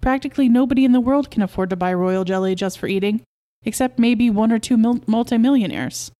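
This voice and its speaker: An excitable middle-aged beekeeper husband, proud of himself and pushing his point, as a woman reads him aloud. The voice sits mellow and soft-edged, rising eagerly when he gets carried away. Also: fairly high pitch, brisk, close to an everyday voice. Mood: excited. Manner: coaxing, excitable, insistent.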